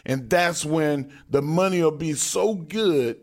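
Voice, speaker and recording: A man's voice: a little high, slow pace. A man, co-host and former wrestler, talking in casual podcast chat, fired up, blunt and swearing often.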